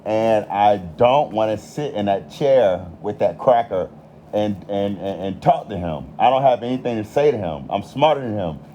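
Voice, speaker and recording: A man's voice: fairly low pitch, animated, moderate pace, dark tone, muffled recording, slight background noise. A man with an American country accent ranting in a heated, profane monologue. He swears constantly and repeats himself for emphasis. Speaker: commentator.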